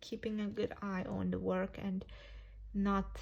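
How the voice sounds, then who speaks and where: Breathy woman chatting through a tarot reading. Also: medium pitch, little pitch movement, measured pace, darkish tone, lo-fi sound. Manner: chatty, self-correcting, laughs often. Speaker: tarot reader. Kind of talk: casual tarot reading to camera.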